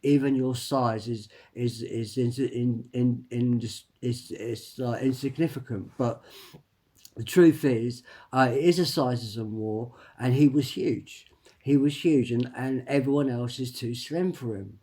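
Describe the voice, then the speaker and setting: Halting, emphatic man rambling alone. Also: medium pitch, warm tone. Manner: halting, with many restarts and repeated words; emphatic, tags lines with "right?". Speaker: vlogger. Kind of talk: rambling personal monologue.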